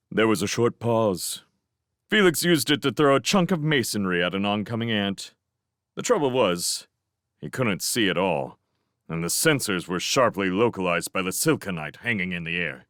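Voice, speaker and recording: A man giving a dramatic fan reading of a novel, swinging between tense urgency and hushed lines. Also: fairly low pitch, expressive, moderate pace, no room sound, clean studio sound. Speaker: audiobook reader.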